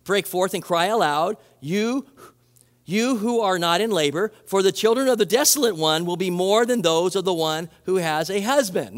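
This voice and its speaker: Preaching in a large hall, this high-voiced man acts as pastor for a sermon. He performs quoted voices and restarts his phrases, keeping things animated and conversational.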